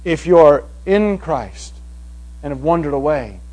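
Guy preaching a sermon, pretty high voice, goes hushed then booming. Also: animated, unhurried, rough recording. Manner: dramatic, swinging from hushed to loud. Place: evening meeting before a congregation.

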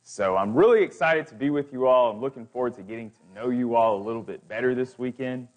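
A man's voice: mid-range voice, quick pace. A man preaching as a guest speaker, building emphatic, repetitive lists. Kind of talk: sermon.

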